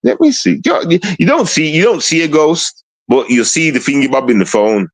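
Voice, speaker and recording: A man's voice: on the high side, expressive, moderate pace, dry recording, rough recording. A man livestreaming in a rambling, casual way, full of street slang and constant tag questions. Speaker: streamer. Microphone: streaming mic.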